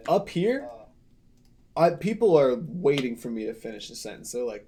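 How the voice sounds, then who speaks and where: A man's voice: medium pitch, expressive, normal speed, darkish tone. A man hosting a casual podcast, telling rambling, profane stories. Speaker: podcast host.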